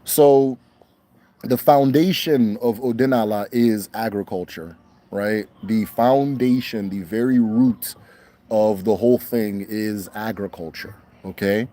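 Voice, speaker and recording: A young man hosting a casual question-and-answer stream, talking in a relaxed way and repeating phrases for emphasis. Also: fairly low pitch, takes it slowly. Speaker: host answering viewer questions. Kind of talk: casual livestream Q&A.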